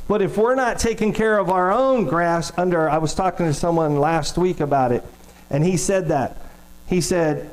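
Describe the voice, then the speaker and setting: A man's voice: high-pitched, moderate pace, low-quality recording. A middle-aged man preaching a sermon as pastor, telling stories in a conversational way and asking the congregation questions.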